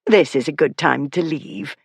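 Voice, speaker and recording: A narrator voicing a proper society lady chaperone, brisk and wry. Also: medium pitch, creaky, slightly rough, no echo.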